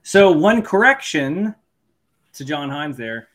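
A fairly high-pitched male podcast co-host talking through hockey numbers in an easy, conversational way. He builds his points methodically, listing stats one after another. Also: very animated, slow pace, fairly bright tone. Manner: analytical, stat-focused breakdown. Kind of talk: casual sports chat.

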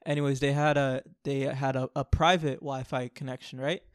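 A man co-hosting a podcast, telling a long comic story in an animated, joking way. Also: medium pitch, normal speed, no room sound, studio quality. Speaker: podcast co-host. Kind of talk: casual storytelling chat.

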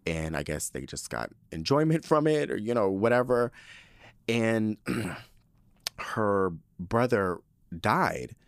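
A man's voice: lowish voice, animated, slow pace, vocal fry, clean tone, no echo. A man hosting a podcast, reading listener letters aloud in a chatty, campy way full of fillers. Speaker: podcast host.

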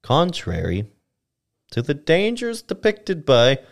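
Lively-voiced man reading history aloud. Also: a little high, takes it slowly, creaky. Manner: reads archival text aloud with stumbles and laughs. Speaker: podcast co-host reading history. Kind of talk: casual history podcast reading.

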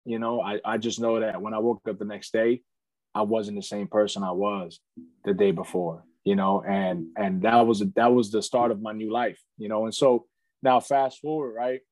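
A man in his thirties talks through his life story with earnest candor. His voice sits somewhat low, and the sound is dry and close, with little room around it. He keeps leaning on "you know" and "man" as he goes. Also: steady tone, normal speed, darkish tone, no room sound. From United States. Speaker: podcast guest. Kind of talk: candid storytelling in casual conversation.

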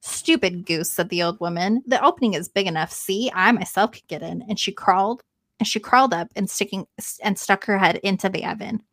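A woman's voice: medium pitch, fairly quick, a bit bright, no room sound. Woman reading a tale, dry close sound. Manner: reads aloud and breaks off often to joke and comment. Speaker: podcast co-host reading a fairy tale aloud. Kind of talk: casual read-aloud with banter.

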